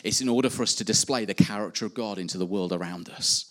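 A man's voice: lowish voice, fast talker, a bit bright. A man preaching a sermon, earnestly rising and dropping in emphasis. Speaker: pastor.

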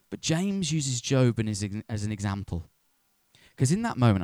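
A man's voice: medium pitch, no echo, studio quality. A man preaching a sermon in a conversational way, acting out voices of churchgoers with humor.

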